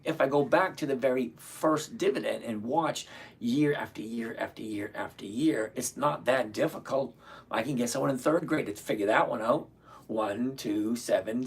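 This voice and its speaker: A man's voice: mid-range voice, breathy edge. A man in his sixties hosting a casual live stream, blunt and ranting, greeting viewers by name. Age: 60s. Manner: blunt, ranting, self-mocking.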